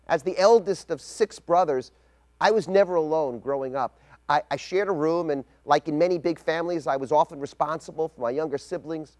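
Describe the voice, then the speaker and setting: In a measured, reflective manner, a middle-aged rabbi tells a personal story through a scripted spoken essay. His pitch is fairly high.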